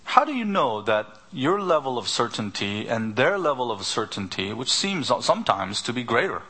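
A man's voice: mid-range voice, big pitch swings, normal speed, pushed and bright, slightly rough. A man preaching a sermon as a pastor, pressing his listeners with rhetorical questions one after another. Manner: rhetorical repeated questions, emphatic.

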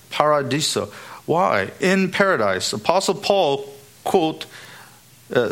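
A man's voice: mid-range voice, a bit bright. A male pastor preaching a sermon, emphatic, with rising exclamations and scripture readings.

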